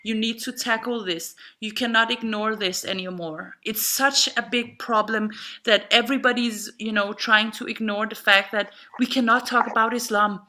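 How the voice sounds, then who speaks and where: A woman's voice: a little high, fairly even intonation, normal speed, bright, forceful tone. A woman speaking passionately on a live online panel, repeating words for emphasis. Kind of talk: impassioned live panel talk.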